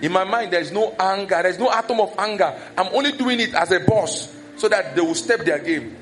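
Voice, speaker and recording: Faint music plays behind a high-pitched, fast-talking pastor with a Nigerian accent. In his sermon he animatedly acts out gossip from the village and scolds in a raised voice.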